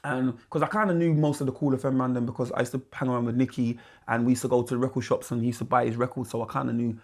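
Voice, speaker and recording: A man with a London accent telling stories from his past in a casual interview, using street slang and acting out other people's voices. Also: rapid-fire. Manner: animated, mimics voices in his anecdotes with big pitch jumps. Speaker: guest musician. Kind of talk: casual storytelling.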